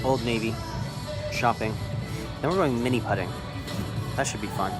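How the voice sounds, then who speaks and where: A young man talking to his handheld camera in a loose, rambling vlog, restarting his sentences as he goes. His voice sits at a medium pitch. Music plays clearly behind him. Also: moderate pace. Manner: rambling, self-correcting, relaxed. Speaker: vlogger. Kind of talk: casual vlog talk to camera.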